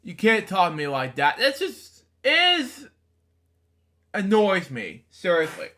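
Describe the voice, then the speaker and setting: A man's voice: on the high side, expressive, a little fast, sharp tone. A man reading the lines of King Bob, a haughty, bossy boy who rules the playground, from a storybook. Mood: annoyed.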